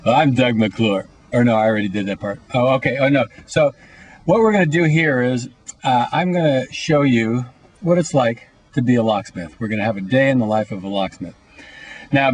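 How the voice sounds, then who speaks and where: Middle-aged man, mid-range voice, deadpan jokey self-filmed tour with lots of ums. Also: mid-range voice, low-quality recording. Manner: deadpan, jokey, rambling with fillers. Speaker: locksmith vlogger. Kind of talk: joking self-made video tour. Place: outdoors by his van and in his shop.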